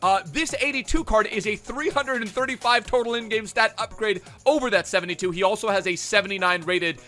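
Bright-voiced energetic male gaming host. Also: high-pitched, soft background music. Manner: energetic, rapid stat rundown with fillers. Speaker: gaming YouTuber. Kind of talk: video game player review.

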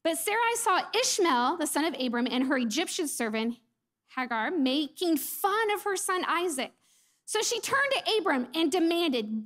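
A woman delivers a church sermon in a high, bright-pitched voice. Her telling is lively and expressive, and she acts out quoted lines. She sometimes sinks to a soft, breathy near-whisper for emphasis. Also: measured pace. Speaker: preacher; mother.

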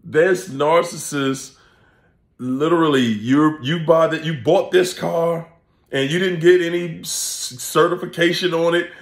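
A man, hosting a casual comedic vlog rant, laughing often and animated as he acts out quoted voices. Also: a little high, unhurried. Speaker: channel host and coach. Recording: echoey room.

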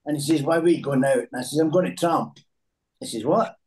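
A Scottish man in his sixties with a slightly high voice chats loosely and tells stories. He laughs through them and often repeats words as he goes. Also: a little fast, a little mellow, poor audio. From Scotland. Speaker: former footballer guest. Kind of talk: casual chat, storytelling.

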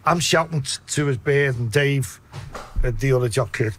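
A man with a Liverpool accent telling a story in a casual way, swearing a lot and acting out his own shouts. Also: mid-range voice, fairly quick, a little hiss or hum. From Liverpool, England.

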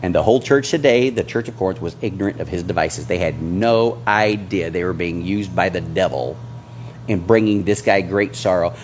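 A man's voice: sits low, normal speed, a little mellow, a little hiss or hum. A man preaching a sermon as pastor, exhorting his congregation with fervor.

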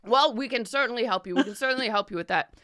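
A woman voicing a jovial, rotund human merchant man who gushes with flattery. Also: fast, dry recording, studio quality. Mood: chatty. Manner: gushing, flattering, booming.

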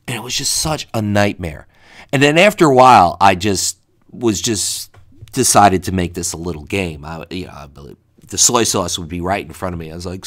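A man's voice: low voice, expressive, normal speed, a bit bright. A man telling a comedic story about bad dates, exasperated and acting out the dialogue.

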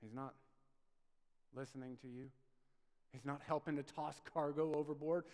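A male pastor preaching a sermon, conversational and animated, swinging from loud bursts to soft asides. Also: on the high side, normal speed, long pauses, long reverb tail. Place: church sanctuary.

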